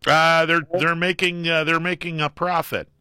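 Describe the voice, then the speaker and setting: A man's voice: a little high, little pitch movement, normal speed, sharp tone, no echo, studio quality. A middle-aged man hosting a call-in radio show, joking wryly and leaning on fillers as he reads poll results. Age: middle-aged or older. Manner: wry, joking, with frequent fillers. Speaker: radio talk show host. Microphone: studio microphone.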